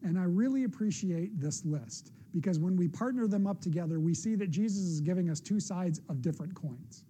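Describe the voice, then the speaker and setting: A man's voice: sits high, brisk, hardly any pauses, dark tone, breathy edge. A middle-aged man, a pastor, preaching a sermon in an earnest, conversational way with personal asides.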